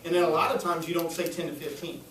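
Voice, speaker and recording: High-voiced man coaching in an echoey room. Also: fairly even intonation, fast talker, fairly bright tone, a little hiss or hum. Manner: upbeat, coaching, asks the room questions. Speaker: sales trainer. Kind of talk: live sales training talk. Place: training room with a small audience. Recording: echoey room, voice a little far.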